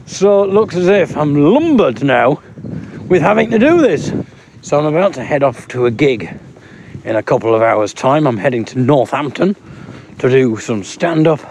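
A man's voice: on the high side, gravelly, darkish tone. Dry, rambling Englishman vlogging outdoors. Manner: dry, rambling, self-mocking humour. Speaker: vlogger and stand-up comedian. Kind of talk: casual spoken blog, walking outdoors. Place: outdoors on an urban street with traffic. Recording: street noise behind a mobile recording.

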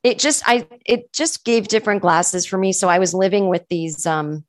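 On a podcast, a female comedian swaps stories in relaxed conversation, sprinkling in "like" and performing other people's lines. She has a mid-range voice and moderate pace, recorded cleanly in a studio with no room sound.

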